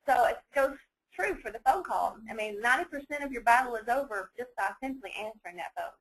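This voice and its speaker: Fast-talking woman leading a webinar. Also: on the high side, lively intonation, rough recording. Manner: fast-talking, chatty, laughs often. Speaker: webinar trainer. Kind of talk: training webinar.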